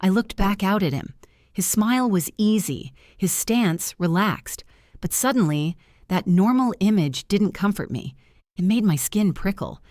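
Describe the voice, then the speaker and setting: A woman's voice: mid-range voice, expressive, a little slow, darkish tone, no room sound, studio quality. A woman narrating a first-person revenge story in an earnest, dramatic scripted style.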